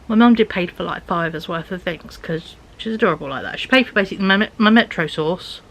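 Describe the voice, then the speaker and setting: A woman's voice: mid-range voice, fairly quick, muffled recording. A young woman vlogging in a rambling, casual chat, often dropping to a near-whisper.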